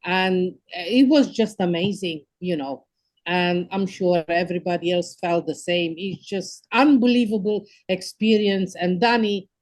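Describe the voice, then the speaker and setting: Unhurried Romanian-accented woman, effusive guest testimonial. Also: lowish voice, darkish tone. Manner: gushing, exclamatory, searching for words. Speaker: conference attendee. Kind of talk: enthusiastic casual testimonial.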